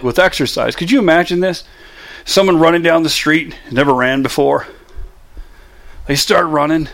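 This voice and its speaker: A man's voice: a little high, vocal fry. A middle-aged man giving a casual, emphatic motivational monologue, full of rhetorical questions. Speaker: motivational speaker.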